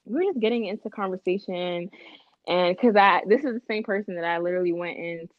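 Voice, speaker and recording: A woman in casual podcast chat, telling stories lively with laughs and quoted voices. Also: on the low side, fairly quick, dry recording, muffled recording.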